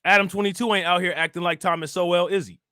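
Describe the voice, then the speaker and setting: A man's voice: sits high, fairly even intonation, fast talker, bright, forceful tone, dry recording, studio quality. A young man, ranting profanely on a livestream and firing off repetitive rhetorical questions to his chat. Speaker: livestream political commentator. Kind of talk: casual livestream rant reacting to chat.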